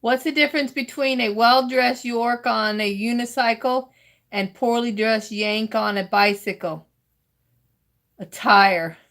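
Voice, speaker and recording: A woman's voice: on the high side, unhurried, fairly bright tone. A woman with a Southern US accent reading roast jokes aloud as host, giggling between them and stumbling over her lines.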